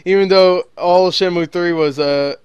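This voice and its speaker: A man's voice: high voice, steady tone, measured pace, clean tone, no echo, dull audio. A man hosting a podcast in casual chat, rambling, laughing often and swearing freely. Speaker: podcast host.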